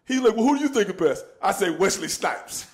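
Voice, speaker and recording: Animated, high-voiced storytelling man. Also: a little fast, a little hiss or hum. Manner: animated, laughing, acting out quotes. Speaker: show host telling a story. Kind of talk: casual storytelling.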